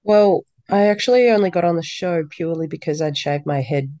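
Lively woman in her thirties. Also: lowish voice, brisk, no echo. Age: 30s. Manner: lively storyteller who acts out quoted dialogue. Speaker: podcast guest, actor. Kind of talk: casual interview chat.

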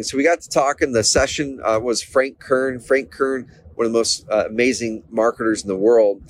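Guy from oregon coaching thru a story, mid-pitch voice, upbeat, keeps restarting words. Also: moderate pace, few pauses. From Oregon, USA. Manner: energetic, animated quoting of others, frequent restarts. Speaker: business coach. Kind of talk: storytelling lesson.

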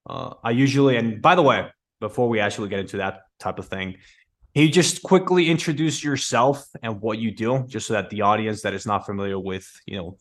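A man's voice: on the low side, a bit bright. A man hosting a podcast, with a slightly non-native accent, talking loosely with many "like"s and restarts. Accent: non-native English accent. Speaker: podcast host. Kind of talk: podcast interview.

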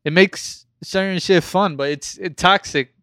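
A man in casual podcast chat, calm and reflective, laid back. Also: sits high, measured pace, clean tone, no room sound, clean studio sound.

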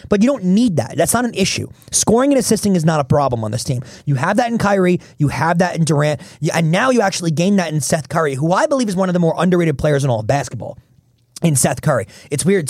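A man hosting a sports podcast, talking fast and emphatically as he argues his points. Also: a little high, darkish tone, dry recording, clean studio sound. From Philadelphia area. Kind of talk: casual sports talk.

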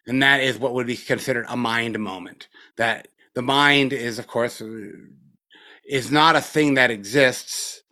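A man's voice: mid-range voice, a little slow, sharp tone. A middle-aged man giving a casual dharma talk as a meditation teacher, loose and profane, with many fillers, a little spaced out after a retreat.

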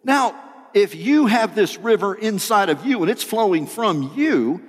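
Man, pastor, sermon, animated, slightly high voice, long church reverb. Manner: animated, joking with the congregation.

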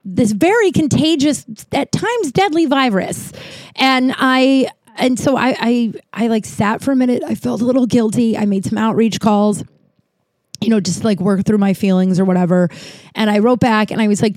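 Talking to her viewers, a vlogger in her thirties wanders through a personal anecdote packed with "like"s and casual cursing. She has a fairly high, darkish voice, a moderate pace, and the recording carries no room sound.

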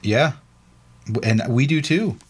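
A man's voice: medium pitch, lively intonation, measured pace, breathy edge. A man co-hosting a casual podcast, laid-back and chatty, reading a listener's email aloud with asides and laughs. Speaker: podcast co-host.

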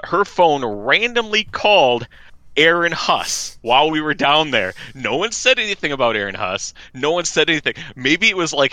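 A man's voice: fairly high pitch, sharp tone, no room sound. A man telling a travel story in casual chat over a call, rambling and full of fillers. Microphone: remote call mic.

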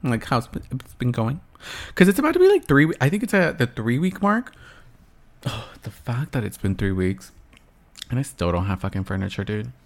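A man's voice: mid-range voice, moderate pace. Sassy, blunt young man ranting. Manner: sassy, blunt, swears freely, animated. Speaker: vlogger. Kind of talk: casual rant to camera.

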